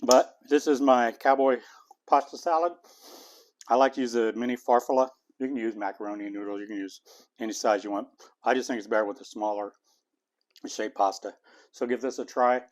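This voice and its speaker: A man's voice: lowish voice, steady tone, fairly quick. A man hosting a home cooking video, chatting casually and tasting as he goes. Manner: homey, chatty, talks while eating. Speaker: cooking channel host.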